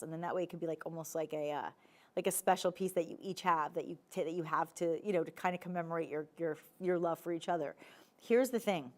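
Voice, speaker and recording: A woman's voice: on the low side, expressive, brisk. Chatty New Jersey shopping host woman. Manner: chatty, enthusiastic, playful asides. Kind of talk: live TV jewelry sales pitch.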